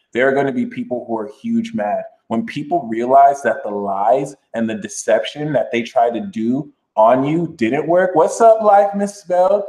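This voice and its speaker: A man hosting a casual astrology livestream, talking loosely and playfully. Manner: animated, jumps into high sassy mock voices. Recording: roomy echo.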